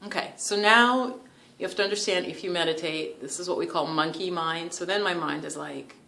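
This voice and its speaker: A woman's voice: lowish voice, a little fast, gravelly, slight background noise. Chatty New woman telling a story. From New York. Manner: chatty, animated, laughs often, many "like" fillers. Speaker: yoga and meditation vlogger. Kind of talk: casual storytelling to camera.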